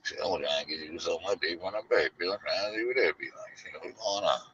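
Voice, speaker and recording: A man's voice: low-pitched, fast, a bit bright, a little hiss or hum. A man hosting a casual commentary show, rambling and profane, acting out the people he talks about. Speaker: show host. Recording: lo-fi dull audio.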